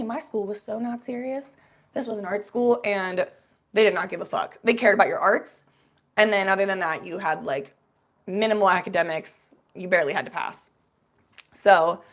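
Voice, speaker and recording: Animated young woman telling a story. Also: medium pitch. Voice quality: animated, swears freely, acts out voices. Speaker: vlogger. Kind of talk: casual storytelling to a live chat.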